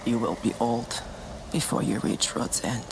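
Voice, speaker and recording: An actress playing a mother who gently counsels her young son in a game cutscene, speaking in a soft, solemn, consoling way. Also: a bass voice, steady tone, unhurried, vocal fry, noisy background, full character voice. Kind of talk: video game cutscene acting.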